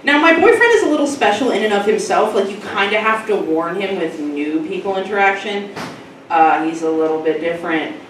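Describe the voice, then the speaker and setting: A woman's voice: medium pitch, lively intonation, fairly quick, recorded from a distance, slight background noise. A young woman performing a stand-up comedy set, chatty and self-mocking, rambling through asides. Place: comedy club stage. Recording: echoey club, mic from afar.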